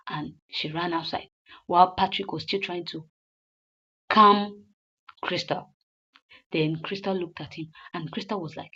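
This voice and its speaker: Woman, casual chatty recap, mid pitch, lo-fi recording. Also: a little slow. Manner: chatty, with many fillers and restarts. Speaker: reviewer recapping a comedy episode.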